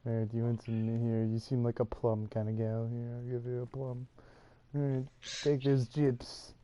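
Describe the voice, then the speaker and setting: A man's voice: medium pitch, little pitch movement, moderate pace, warm tone. A man co-hosting a podcast, chatting casually and jokingly while playing a game. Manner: jokey, loose, laughs often. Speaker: podcast co-host. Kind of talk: casual chat while gaming.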